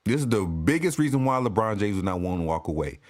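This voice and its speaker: A man ranting as a sports fan commentator, profane and animated, often restarting and repeating himself. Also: fairly low pitch, fast. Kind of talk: ranting vlog.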